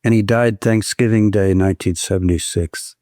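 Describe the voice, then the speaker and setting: A man's voice: lowish voice, moderate pace, no room sound, studio quality. A man in his seventies, a guest scholar telling anecdotes in a conversation, who slips into the voices of the people he quotes. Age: 70s. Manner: lively, quotes others in voiced asides. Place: indoors, in-person conversation.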